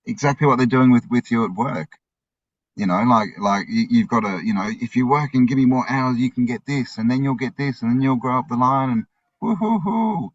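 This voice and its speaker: A man's voice: mid-range voice, fairly even intonation, fairly quick, no room sound, muffled recording. A man talking in casual conversation, rambling with frequent restarts and tag questions.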